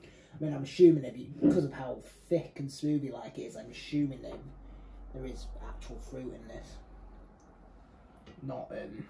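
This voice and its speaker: A man's voice: mid-range voice, fairly even intonation, normal speed, vocal fry, pauses often, mellow, a little hiss or hum, poor audio. Chatty young British man reviewing beer. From United Kingdom. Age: young adult. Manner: chatty, rambling, self-correcting. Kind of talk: casual tasting review.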